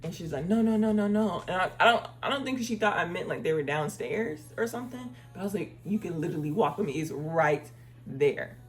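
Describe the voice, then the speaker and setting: A woman telling a casual story time vlog, acting out the people she quotes and speaking in a relaxed, chatty way. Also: lowish voice, a little fast, soft background music. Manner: uses "y'all" and "girl" casually. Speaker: travel vlogger.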